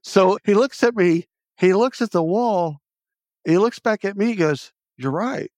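Blunt, animated man in his fifties. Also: sits high, measured pace, no room sound. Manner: animated storyteller who acts out quoted speech, blunt and salty. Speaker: podcast guest. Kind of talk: casual storytelling interview.

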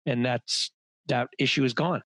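A man's voice: mid-range voice, steady tone, unhurried, fairly bright tone, breathy edge, no echo. A man hosting a podcast, reacting and thinking aloud with small restarts. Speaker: podcast host. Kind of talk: conversational podcast interview.

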